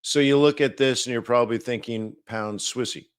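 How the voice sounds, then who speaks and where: A man's voice: mid-range voice, fairly even intonation, moderate pace, clean tone, no echo. A man hosting a live market-analysis stream, talking casually and rambling with many fillers and restarts.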